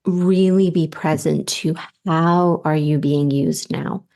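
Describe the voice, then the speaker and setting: A woman hosting a podcast, giving a gentle, unhurried spiritual reading with soft laughs. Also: sits low, steady tone, gravelly. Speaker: podcast host and intuitive reader. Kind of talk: slow, spiritual guidance reading.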